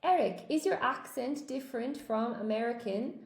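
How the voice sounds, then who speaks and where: A chatty Irish woman teaches English on a live stream, reading out viewer comments and thinking aloud. Her voice sits a little high with a gravelly edge. She sounds like she is in an echoey room. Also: expressive, normal speed. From Ireland. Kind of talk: live-stream lesson, answering viewer chat.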